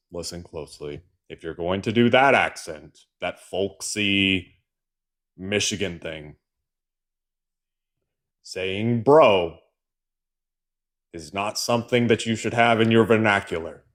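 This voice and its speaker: A man's voice: sits low, slow pace, pauses often, fairly bright tone. A man from the American South co-hosting a political livestream, ranting with sarcastic exasperation. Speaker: co-host. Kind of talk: political commentary rant.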